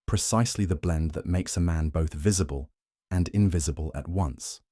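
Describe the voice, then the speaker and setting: Storybook narrator, man, formal and measured, deep mellow tone. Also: dry recording, studio quality.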